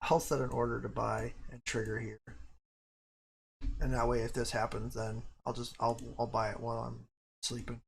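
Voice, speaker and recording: A man's voice: mid-range voice, flat delivery, normal speed, vocal fry, slight background noise. A young man chatting casually on a live stream, rambling and swearing freely, with self-mocking asides.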